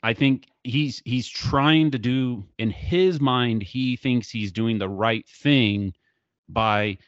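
A man's voice: mid-range voice, slow, no room sound, highs cut off. A man earnestly explaining his view in a casual discussion, with many fillers.

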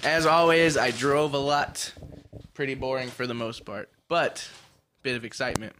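A man's voice: medium pitch, normal speed, a little hiss or hum. A young man telling casual, profane road stories with laughter as a podcast co-host. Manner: profane, animated storytelling with laughs. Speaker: podcast co-host, truck driver. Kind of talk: casual chat.

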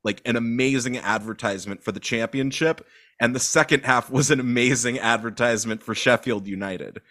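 A man co-hosting a casual football podcast, talking loosely with lots of fillers and animated bursts. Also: medium pitch, a little fast. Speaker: podcast co-host.

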